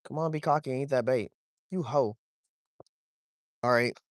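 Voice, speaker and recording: A young man, talking to his chat while wading and fishing, swearing freely and getting excited over a fish. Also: medium pitch, moderate pace, no room sound, clean studio sound. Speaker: fishing vlogger. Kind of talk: casual vlog narration while wading. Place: outdoors, wading in a shallow creek.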